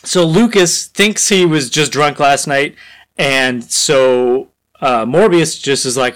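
A man co-hosting a podcast in casual chat, rambling through a story pitch with lots of fillers. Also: takes it slowly, a bit bright. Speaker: podcast co-host.

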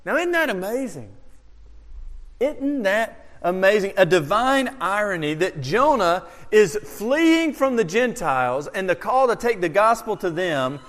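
A man with a high voice preaches a verse-by-verse sermon. He leans on rhetorical questions and moves between raised exclamations and hushed, slow remarks. His voice rings out with a long echo in a large hall. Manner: animated, rhetorical questions, swings from loud to hushed. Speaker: pastor. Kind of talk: expository sermon.

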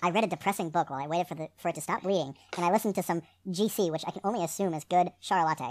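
A woman's voice: lowish voice, racing, darkish tone. A woman reading fan fiction aloud with friends, playful and teasing. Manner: playful, teasing, laughs often. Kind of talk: casual comedic reading aloud.

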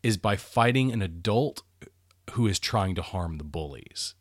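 A man with a lowish voice talks through a film in relaxed podcast chat. He picks apart scenes with a chatty, analytical bent and laughs easily. The sound is dry and close, with no room around it. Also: unhurried, dry recording. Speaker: podcast co-host. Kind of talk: casual movie commentary chat.

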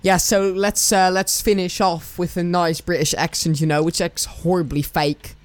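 A man's voice: high-pitched, flat delivery, normal speed. A young man, co-hosting a casual podcast, joking and rambling as he talks. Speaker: podcast co-host. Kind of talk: casual chat.

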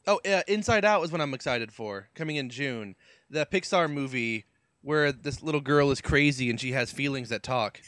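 A man co-hosting a casual movie chat, laid-back and deadpan in his jokes. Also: mid-range voice, normal speed, no room sound.

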